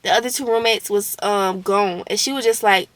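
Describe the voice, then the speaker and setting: A woman's voice: mid-range voice, moderate pace, no echo. A young woman vlogger recounting a roommate conflict in a casual storytime, candid and indignant, with slang and swearing.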